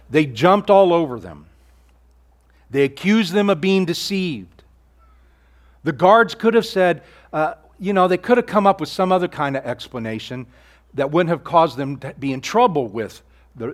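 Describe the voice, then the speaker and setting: Earnest preaching man, fairly high voice. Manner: earnest preaching, rhetorical questions, drops to near-whisper on key lines. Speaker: pastor. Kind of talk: sermon.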